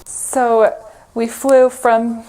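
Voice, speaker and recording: A woman's voice: on the high side, flat delivery, extremely slow, warm tone. Chatty woman recounting a long trip. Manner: chatty, laughing between phrases. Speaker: interviewee recalling mission travel. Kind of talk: recorded interview storytelling.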